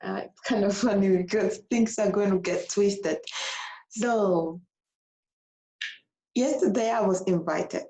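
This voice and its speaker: Gravelly, emotional woman telling a story. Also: medium pitch, low-quality recording. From abroad. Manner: animated, repeats herself. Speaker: vlogger. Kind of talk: casual storytelling vlog.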